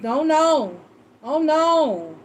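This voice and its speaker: A woman tarot reader telling a personal story in casual chat, animated and emotional, swearing freely. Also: high voice, very slow.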